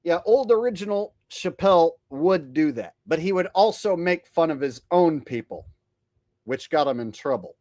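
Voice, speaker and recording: A man's voice: a little high, lively intonation, normal speed, a little mellow, no room sound, studio quality. A man hosting a casual commentary monologue, sardonic and conversational. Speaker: commentary channel host.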